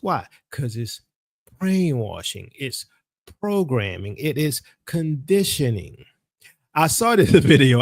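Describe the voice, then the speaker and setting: A man's voice: on the high side, no room sound, studio quality. A man speaking as a religious teacher, delivering a casual commentary monologue to his followers in a colloquial, storytelling way.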